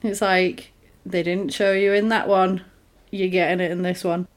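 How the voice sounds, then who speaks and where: A woman on a podcast, casually recapping a horror film and acting out the characters in quick quoted voices. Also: on the low side, level tone. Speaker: podcast co-host.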